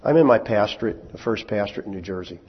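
A pastor in his sixties preaches in a husky voice, often stumbling and repeating words between folksy asides. The sound is dull and lo-fi, with long reverb from a church hall. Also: fairly low pitch, expressive, fast talker. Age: 60s. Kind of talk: sermon.

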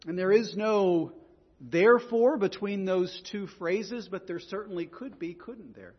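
A man's voice: sits high, unhurried, slightly rough, big-room sound, lo-fi sound. A man preaching a sermon in an earnest way, often repeating words as he goes. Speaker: pastor.

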